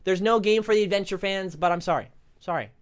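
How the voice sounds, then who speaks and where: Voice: mid-range voice, fast talker, smooth. A YouTuber ranting through a reaction to a game trailer, swearing constantly and swinging between hype and exasperation. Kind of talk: profane reaction rant.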